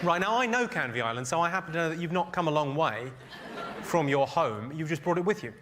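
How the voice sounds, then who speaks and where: Fast, crude stand-up comic. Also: male voice, on the high side, animated. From England. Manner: dry, crude, teasing the audience. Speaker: stand-up comedian. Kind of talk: stand-up comedy with crowd work. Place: comedy venue on stage. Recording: live show with loud crowd noise.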